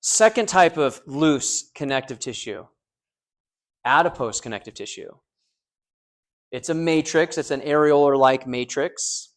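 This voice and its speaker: An animated man with a fairly high voice lectures a small university class, unhurried and pausing often. Loose and conversational, he jokes around, asks the class questions and repeats students' replies, with many restarts and fillers.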